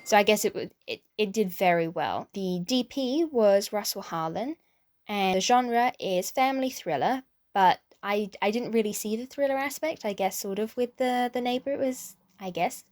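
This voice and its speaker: Young british woman talking old movies, chatty, mid pitch, kinda thinks out loud. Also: lively intonation, normal speed. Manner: chatty, thinks aloud with small restarts and hedges. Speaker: film vlogger. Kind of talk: casual chat, film review.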